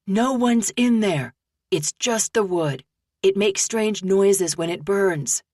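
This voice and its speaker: A woman's voice: medium pitch, takes it slowly, darkish tone, no echo, studio quality. A woman voicing a young male doctor who speaks firmly and tries to soothe a frightened woman. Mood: soothing. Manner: firm, soothing.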